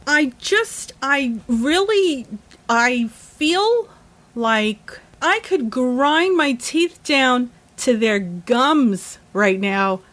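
A woman with a high voice vents straight to the camera, swearing freely and pressing each point with blunt emphasis. She sounds worked up and emotional, and the rant stays heated from start to finish. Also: lively intonation, drawn-out words, fairly bright tone. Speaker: vlogger.

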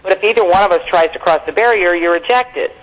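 A woman in her forties, a comedian guest telling stories in a brash, profane, animated way during a casual interview. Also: on the low side, fast, low-quality recording.

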